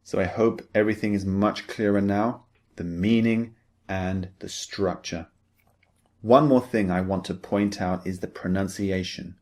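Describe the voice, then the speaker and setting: A man teaching English in a recorded lecture, explaining slowly and patiently, step by step. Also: fairly low pitch, steady tone, darkish tone.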